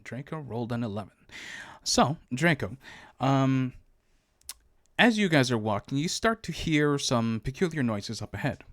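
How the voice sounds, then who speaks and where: A man narrating as game master of a tabletop game, relaxed and halting, with many fillers. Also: medium pitch, no room sound, studio quality.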